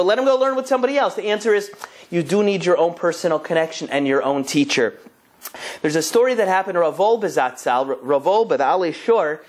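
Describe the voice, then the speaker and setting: A young rabbi teaches a Torah lesson, telling it like a story. His delivery is emphatic and lively, with his voice jumping sharply up for stress and dropping again. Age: young adult. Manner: lively, emphatic storyteller with big pitch swings.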